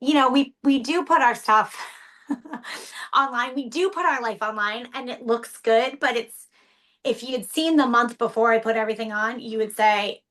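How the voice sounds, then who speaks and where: A woman in her thirties, whose partner survived a stroke, talks candidly and emotionally in an interview, her somewhat high, fairly bright voice moving at a moderate pace. She's tearful at times and restarts her sentences often.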